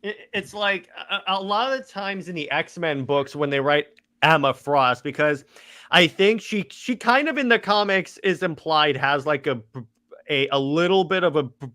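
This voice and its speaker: A man co-hosting a podcast argues his opinions in casual chat with quick restarts. His voice sits a bit high and sounds bright and forceful. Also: animated. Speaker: podcast co-host.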